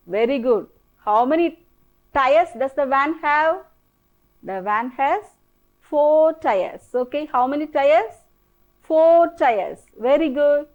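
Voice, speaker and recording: A woman teacher with an Indian English accent, slowly drilling children through an English lesson with repeated prompts. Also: sits high, highs cut off. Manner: slow, repetitive, coaxing drill-style prompting. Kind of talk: televised classroom English lesson.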